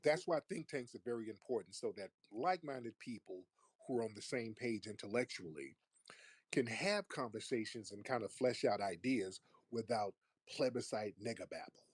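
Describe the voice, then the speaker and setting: A man's voice: on the low side, lively intonation, moderate pace, husky, dry recording. A man hosting a call-in livestream, arguing with callers in a combative, mocking, profane way. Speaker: livestream host. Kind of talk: heated call-in debate.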